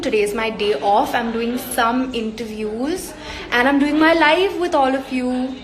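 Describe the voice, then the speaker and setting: A woman's voice: high voice, fairly even intonation, measured pace. A young woman with an Indian accent chatting casually on a live stream, bubbly and laughing often as she reads fan comments aloud. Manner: bubbly and chatty, laughs easily, sends hugs and kisses. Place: indoor room away from home, on a work day. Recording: echoey room on a phone stream.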